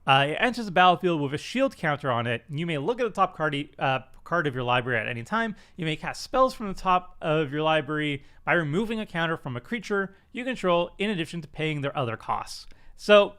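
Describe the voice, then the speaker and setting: Chatty man reviewing cards, slightly high voice. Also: sing-song, fairly quick, hardly any pauses, a bit bright. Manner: chatty, self-deprecating, many fillers and restarts. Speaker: commander stream host. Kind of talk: casual card review chat.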